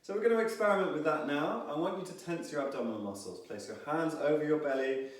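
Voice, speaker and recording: Male movement instructor, slightly high voice, calm step-by-step cues, recorded far off in a very echoey room. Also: quick pace. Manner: calm, instructive, counting and cueing each movement. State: slightly out of breath. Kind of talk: guided movement and breathing class.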